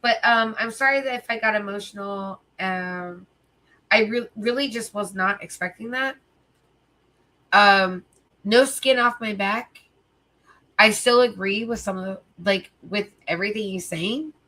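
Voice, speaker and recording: Her voice mid-range, bright and forceful, a tired woman speaks a little slowly while hosting a livestream. She rambles casually with her viewers, sleepy, leaning heavily on filler words and profanity.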